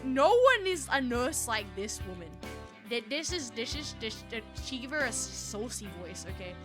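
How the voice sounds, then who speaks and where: A woman's voice: a little high, sing-song, moderate pace, a bit bright, soft background music. A young woman streaming a game live, chatting and giggling with her chat between read-aloud lines.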